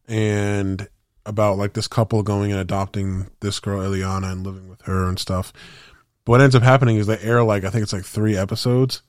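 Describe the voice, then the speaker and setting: A man's voice: fairly low pitch, darkish tone, no room sound, studio quality. A man co-hosting a podcast, chatting casually in a rambling, slangy way with lots of fillers and restarts. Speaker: podcast co-host. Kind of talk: casual chat.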